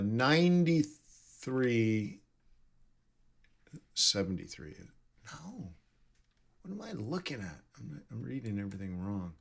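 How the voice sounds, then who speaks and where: Slow, low-voiced man musing over trading charts. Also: creaky. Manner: thinking aloud, self-correcting, reading numbers off charts. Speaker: forex trading streamer. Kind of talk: live trading commentary.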